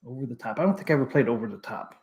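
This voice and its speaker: A man's voice: mid-range voice, animated, very fast, a little mellow. A man hosting a casual live stream, laid-back as he reads viewer messages aloud and chats. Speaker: host of a live stream show.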